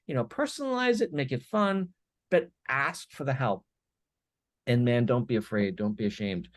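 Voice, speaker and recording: A man speaking as a guest on a business podcast, with energetic, emphatic storytelling full of quick "right?" tags. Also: medium pitch, dry recording. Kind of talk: podcast interview.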